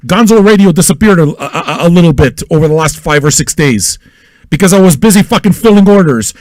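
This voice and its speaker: A man hosting an independent online radio show, ranting crudely and loudly at his listeners and repeating himself as he goes. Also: a little high, expressive, a little fast, dry recording, studio quality. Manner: loud, manic and crude, with yelling and repetition; talks straight at listeners with repeated questions. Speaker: internet radio host. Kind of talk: profane ranting monologue.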